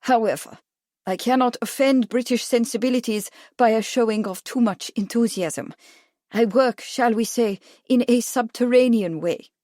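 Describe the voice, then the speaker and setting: A woman reading the lines of a suave, monocled aristocratic count in a measured, smooth way. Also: on the high side, warm tone, dry recording, clean studio sound, pitched above the performer's own voice, lightly acted.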